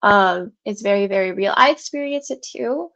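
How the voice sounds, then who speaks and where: A woman with a mid-range, fairly bright voice talks at normal speed, though the recording loses its highs. Hosting a writing session livestream at home, she's congested, out of breath, and sore-throated, chatting ramblingly with viewers and often laughing.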